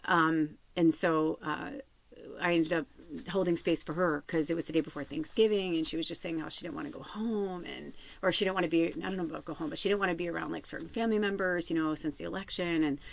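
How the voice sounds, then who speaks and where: Gravelly and low, with a steady tone and quick pace, this fifties-aged spiritual medium podcaster rambles through a long, emotional personal story. She sounds tired, keeps restarting her sentences and fills them with "like."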